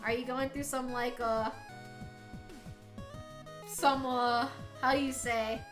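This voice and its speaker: A woman's voice: sits high, flat delivery, slow pace, long pauses, soft background music. An American woman chatting casually on a live stream, giggly and rambling, laughing often. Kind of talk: casual chat.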